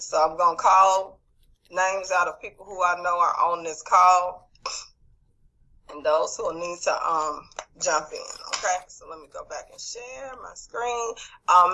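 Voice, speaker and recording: A woman's voice: fairly low pitch, sharp tone, rough recording. A woman teaching over a video call, reviewing a quiz and calling on students by name in an encouraging way. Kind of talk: online class quiz review.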